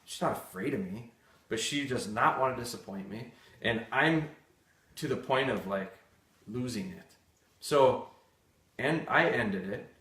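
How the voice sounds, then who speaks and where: A man's voice: medium pitch, fairly bright tone. A man hosting a live dog-training session, answering viewer questions in a candid, blunt, storytelling way. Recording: echoey room.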